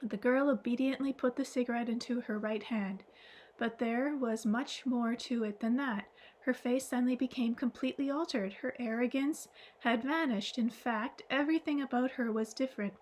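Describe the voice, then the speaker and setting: A woman narrating an audiobook at a steady pace, stumbling and restarting now and then. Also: a little high, moderate pace. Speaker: audiobook reader.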